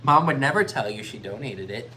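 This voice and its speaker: Bright-voiced joking man co-host. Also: mid-range voice, expressive, fairly quick, slight background noise. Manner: joking, teasing, reads out bids. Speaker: live sale co-host. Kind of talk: casual chat during a live online sale.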